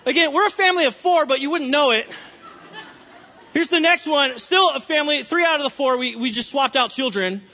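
In a church sanctuary with a faint crowd, a male pastor preaches fairly quickly in a high, bright, pointed voice. His sermon is animated and playful, with humorous asides breaking into the stories. A long hall reverb leaves the recording slightly dull and lo-fi.

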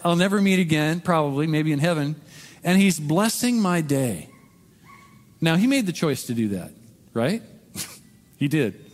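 A male pastor gives a chatty, earnest sermon at a church service. He has a mid-range voice with a long reverb trailing behind it, as if it fills a big hall. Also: medium pitch. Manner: chatty and earnest, asks "right?" often, tells personal stories. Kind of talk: conversational sermon.

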